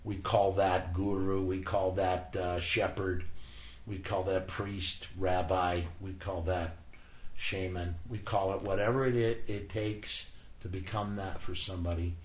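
A man who works in hospice, telling earnest, animated stories as an interview guest and acting out the voices he quotes. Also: sits low, unhurried. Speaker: hospice worker and spiritual guide, interview guest. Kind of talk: conversational storytelling. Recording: echoey room with faint ambience.

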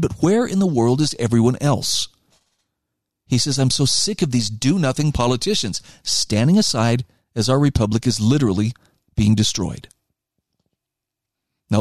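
A man's voice: medium pitch, darkish tone, dry recording. Earnest man in a dry room. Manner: earnest, emphatic reading with asides. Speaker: commentator. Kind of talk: reading and commenting on an article.

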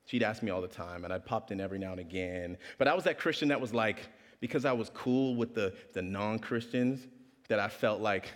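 A young man from Canada giving a humorous testimony talk, telling a story with animated delivery. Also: fairly low pitch, a little fast. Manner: animated storyteller, acting out voices. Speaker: speaker. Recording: long hall reverb.

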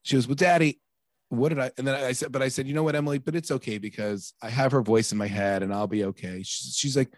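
In a clean, echo-free studio recording, a man with a medium-pitched voice talks fast with few pauses. A podcast co-host aged thirties to forties, he recounts a family story casually, animated and exasperated as he performs the quoted lines.

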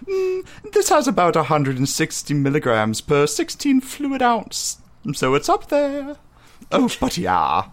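Guy reading chat comments out loud, super animated voice, keeps laughing. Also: high-pitched, unhurried. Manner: animated, laughing often, reads comments aloud. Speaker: co-host reading chat messages. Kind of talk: casual group chat.

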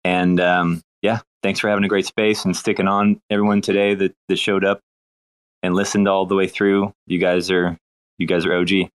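A man with a smooth voice giving an earnest, praising thank-you as a guest in a casual chat. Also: low voice, flat delivery, moderate pace, poor audio.

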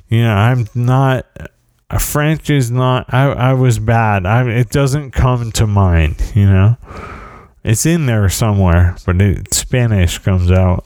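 A man tells a long, wry story at an unhurried pace. His voice is smooth and resonant. He keeps breaking off mid-sentence and restarting, and the sound is dry and close. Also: fairly low pitch, steady tone, a little mellow, no echo. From United States. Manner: rambling, self-interrupting, wry and humorous. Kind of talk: casual storytelling anecdote.

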